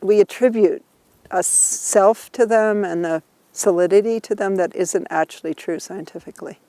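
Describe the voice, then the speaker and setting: A woman's voice: medium pitch, steady tone, normal speed, warm tone, no room sound. A woman teaching a group outdoors, explaining ideas patiently and laughing often as she talks. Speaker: Buddhist teacher leading a tour. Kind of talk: informal teaching while walking.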